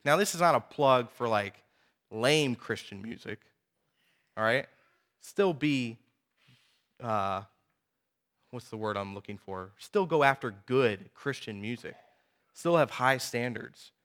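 A man in his thirties preaching a sermon, telling personal stories in a lively, conversational way with frequent asides to the audience. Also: medium pitch, unhurried, long pauses. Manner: animated storytelling, conversational asides.

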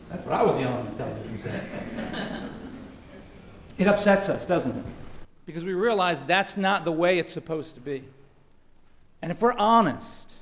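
A man with a fairly high voice delivers a sermon from the pulpit. He speaks earnestly and builds to impassioned, questioning outbursts. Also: roomy sound. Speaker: pastor. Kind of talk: sermon with opening prayer.

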